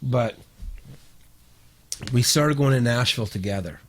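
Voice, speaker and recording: A middle-aged Canadian songwriter telling a story as a podcast guest, rambling, restarting sentences and swearing freely. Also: male voice, medium pitch, a little slow. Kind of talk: casual storytelling.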